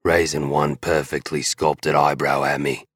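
A man's voice: extremely low pitch, level tone, unhurried, a bit bright, slightly rough, no echo, clean studio sound. A man narrating a romance audiobook in the first person, blunt and swearing freely.

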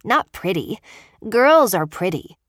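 A woman voicing a playful, cheeky young boy in a high childlike voice, as in an audiobook. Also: very animated, slow pace, dry recording, studio quality.

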